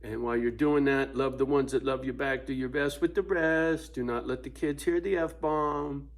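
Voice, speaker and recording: A man's voice: mid-range voice, fairly even intonation, moderate pace. A man ranting casually to camera at home, profane and laughing often between points. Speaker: vlogger. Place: at home with his dog.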